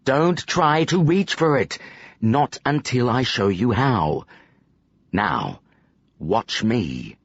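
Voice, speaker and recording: A man voicing a stern older male magician who acts as a calm mentor, speaking in a slow, measured, commanding way. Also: low-pitched, no echo, highs cut off, full character voice. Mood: urgent.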